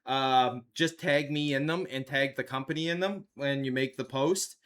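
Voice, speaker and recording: A man's voice: mid-range voice, normal speed, a bit bright, clean tone. A man hosting a live stream, chatting casually with his viewers and laughing often at a desk microphone. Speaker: livestream host.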